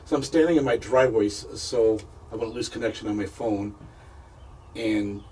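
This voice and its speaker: A man's voice: on the low side, dark tone, a little hiss or hum. Guy telling his story on a radio interview, stumbles and repeats himself a lot, sounds kinda far from the mic. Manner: halting, repeats words, stops and restarts. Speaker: paranormal investigator guest.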